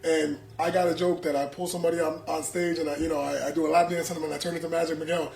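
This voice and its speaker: Animated slangy comedian in an echoey room. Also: male voice, a little high, rapid-fire, creaky. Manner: animated, slangy, acts out quotes. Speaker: comedian guest. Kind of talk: casual storytelling. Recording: echoey room with faint background noise.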